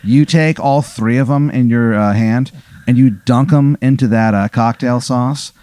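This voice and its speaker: A young man with a medium-pitched, unhurried voice runs an improvised comic scenario as game master, and there's no room sound. He's casual and swears a lot, retelling events in an animated way as improvised comedic storytelling.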